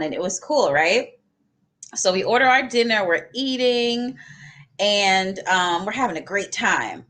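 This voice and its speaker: An animated young woman chats casually on a live panel. She tells her story with laughs and acts out each quoted line. Her voice sits at a middle pitch.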